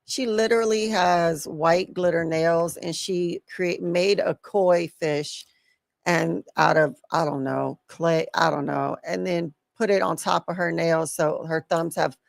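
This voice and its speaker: A woman's voice: fairly low pitch, fairly even intonation, a little slow, vocal fry, dry recording, studio quality. A woman co-hosting a casual live stream, playful and teasing. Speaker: co-host.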